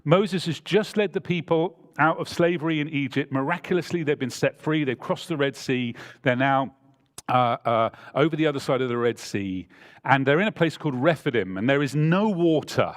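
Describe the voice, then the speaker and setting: A man's voice: fairly high pitch, normal speed. A man preaching a sermon in a church, telling a scripture story and reading passages aloud with emphasis. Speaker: pastor.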